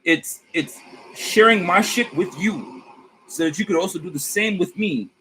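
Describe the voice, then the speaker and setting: A man's voice: sits high, moderate pace, slight background noise, poor audio. A man reading tarot on his vlog, talking casually about spirit guides with slang, swearing and a rambling manner. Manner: slangy, profane, rambling and animated. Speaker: tarot reader.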